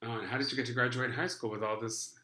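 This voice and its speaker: A man's voice: medium pitch, steady tone, quick pace, sharp tone. A middle-aged man hosting a casual interview, teasing his guest with playful interjections. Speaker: talk show host. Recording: echoey room.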